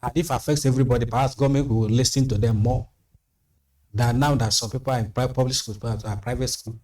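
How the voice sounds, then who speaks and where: A man of middling pitch talks things through on a TV studio panel, steady and deliberate, repeating his key phrases to drive them home. He sits a little back from the mic. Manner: measured, repeats phrases for emphasis. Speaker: panel guest. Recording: slightly distant mic.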